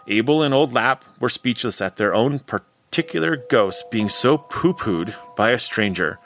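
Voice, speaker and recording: Bright-voiced male storyteller. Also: mid-range voice. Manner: measured, expressive storytelling. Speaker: narrator. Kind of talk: scripted narration of a Victorian ghost story.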